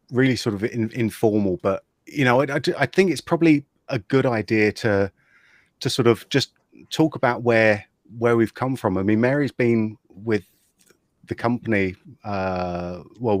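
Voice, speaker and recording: A man's voice: medium pitch, no echo, clean studio sound. A man hosting a casual livestream chat, talking with lots of fillers and restarts over a video call. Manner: chatty, hesitant, many fillers and restarts. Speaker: host.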